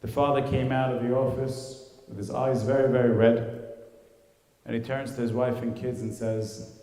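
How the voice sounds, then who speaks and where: A man, a rabbi, tells a story as a sermon with dramatic, shifting delivery. His voice is mellow and of middle pitch. He is heard in a school hall with a long, roomy reverb. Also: little pitch movement, normal speed, vocal fry.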